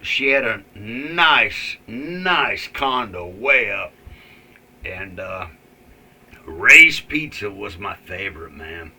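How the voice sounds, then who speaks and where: A man's voice: fairly low pitch, animated, slow pace, pushed and bright, breathy edge. A man ranting angrily in a rambling, profane vlog with many fillers. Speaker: vlogger. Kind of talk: ranting political commentary.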